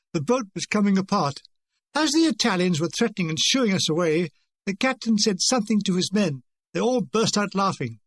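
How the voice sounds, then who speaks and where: Older man, wry memoir narration. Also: sits high. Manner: dry, wry comic delivery. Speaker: author reading his own memoir. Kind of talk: audiobook narration.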